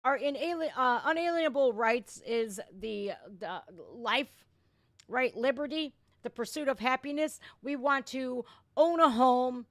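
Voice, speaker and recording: A woman's voice: high voice, fairly bright tone, dry recording. A woman from Ohio hosting a live reaction stream, ranting bluntly and swearing freely between laughs. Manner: blunt, profane, quick to laugh. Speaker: livestream reaction host. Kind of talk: casual livestream rant.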